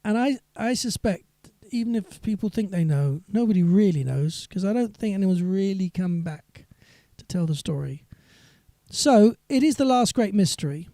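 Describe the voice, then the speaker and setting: High-voiced man chatting between songs. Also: expressive, moderate pace, dark tone, no room sound, clean studio sound. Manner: chatty and rambling, reads viewer comments aloud. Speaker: singer-songwriter. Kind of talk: live stream chat between songs.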